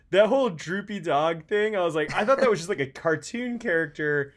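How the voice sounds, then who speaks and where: A man chatting casually as a podcast co-host, talkative and quick to laugh, with lots of filler words. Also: sits high, lively intonation. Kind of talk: casual chat about music. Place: lives in North Carolina.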